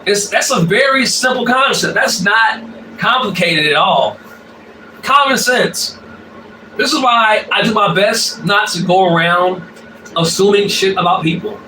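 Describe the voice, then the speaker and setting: A man's voice: sits high, measured pace, sharp tone, a little hiss or hum. A man talking casually in a blunt, profane monologue, repeating himself and using many fillers. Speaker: spiritual vlogger. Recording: roomy, distant mic with faint ambience.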